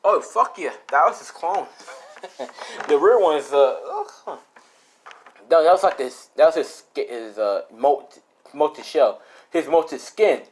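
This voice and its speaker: A man's voice: on the high side, expressive, takes it slowly. Rambling young man telling a fan story. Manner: rambling, casual, swears a lot, many fillers. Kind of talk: improvised fan-fiction storytelling.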